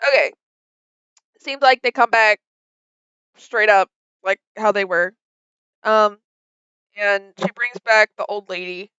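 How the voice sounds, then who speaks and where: A young woman narrating a tabletop game as game master, relaxed and hesitant, with many ums. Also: mid-range voice, slow pace, pauses often, clean tone, no room sound. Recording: dull lo-fi sound, dry.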